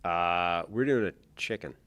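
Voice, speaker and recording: A man's voice: deep voice, unhurried, fairly bright tone. A man co-hosting a sports podcast, trading dry, teasing one-liners in casual chat. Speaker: podcast co-host. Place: podcast studio.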